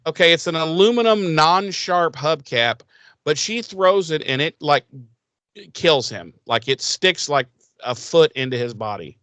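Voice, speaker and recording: A man co-hosting a TV recap podcast, talking casually with sarcasm and profanity and acting out characters in quick voices. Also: a little high, lively intonation, bright, forceful tone, clear, resonant tone, no echo. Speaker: podcast co-host.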